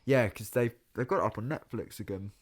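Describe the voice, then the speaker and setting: A man's voice: fairly low pitch, fairly quick, breathy edge. A young man, chatting loosely as a podcast guest, rambling with lots of "kind of" and "like". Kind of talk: casual chat.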